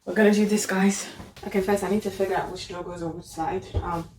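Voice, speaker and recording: This woman's casual how-to vlog, filmed in her home living room, has background noise behind her mid-range voice, which is fairly quick with fairly even intonation. She chats informally while eating and explaining furniture assembly, peppering her talk with "literally" and "like".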